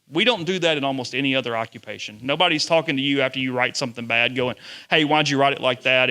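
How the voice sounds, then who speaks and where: A man, a sports journalist telling lively stories to students. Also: medium pitch. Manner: animated storyteller, acts out quotes. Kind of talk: storytelling talk to students.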